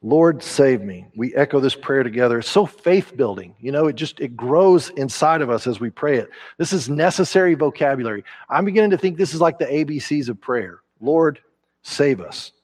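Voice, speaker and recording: A man, a pastor preaching a conversational sermon in a church, growing animated as he acts out quotes. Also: medium pitch, brisk, few pauses, breathy edge. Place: church sanctuary.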